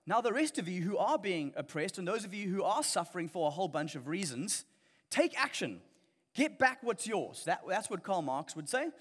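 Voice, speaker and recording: Earnest man preaching in a reverberant hall. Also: on the high side. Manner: earnest, emphatic, with frequent restarts. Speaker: pastor. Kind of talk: sermon.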